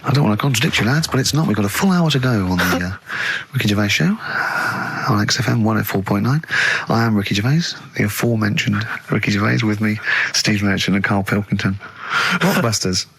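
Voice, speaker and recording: A man hosting a radio show, telling stories in an animated way and mimicking his friends in casual studio banter. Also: lowish voice, fairly quick, creaky, slight background noise.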